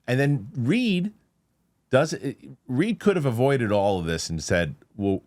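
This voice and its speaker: A man hosting a casual film review, retelling scenes in an animated, rambling way with many restarts. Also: medium pitch, measured pace. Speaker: movie review host. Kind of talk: casual spoiler review chat.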